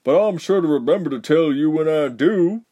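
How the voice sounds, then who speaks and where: A man voicing a gruff, mocking soldier who barks his words in an audiobook. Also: fairly high pitch, normal speed, pitched above the performer's own voice, lightly acted. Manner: barking, loud.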